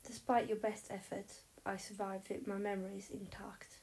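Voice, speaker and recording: A woman's voice: level tone, normal speed, darkish tone, close to an everyday voice. Draco Malfoy, a woman playing a sullen teen boy. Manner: low, terse, snarling. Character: sullen proud teenage boy, injured.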